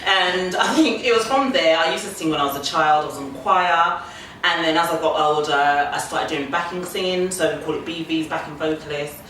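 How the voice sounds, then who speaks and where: A British woman with a bright, forceful voice talks in a relaxed interview, easygoing and quick to agree. She sounds a little distant from the microphone in a very echoey room, with faint noise behind her. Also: low voice. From Britain. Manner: easygoing, frequent "yeah" and "mm-hmm" agreement. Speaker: HR consultant and singer, interview guest. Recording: echoey room, speaker far from the mic.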